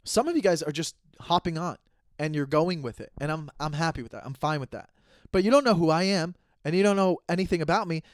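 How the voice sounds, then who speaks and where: A man in his thirties talks alone into a close microphone on his comedy podcast, rambling and joking about his own slip-ups. His voice sits a little high for a man and sounds dry and close. He keeps restarting sentences and stays self-aware the whole time. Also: fast, no room sound. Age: 30s. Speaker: podcast host. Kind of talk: solo comedy podcast monologue.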